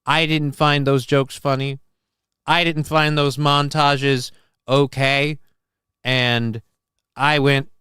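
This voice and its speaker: A man's voice: medium pitch, level tone, takes it slowly, pauses often, sharp tone, smooth, no echo, clean studio sound. A man hosting a casual live stream, reading chat messages and answering them in a defensive, rambling way, swearing casually, with a voice that cracks at times. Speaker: livestream host reading chat.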